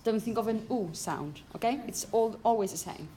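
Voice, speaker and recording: A woman's voice: on the high side, normal speed, warm tone. A woman teaching a pronunciation class, calling on students by name and correcting them encouragingly. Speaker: phonetics teacher.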